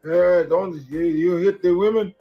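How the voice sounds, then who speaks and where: A man's voice: high voice, steady tone, a little slow, muffled recording, faint music behind, pitched above the performer's own voice. A man playing a weary, very old man who scolds half-heartedly. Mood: weary scolding. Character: very old man, tired, reluctant to fight.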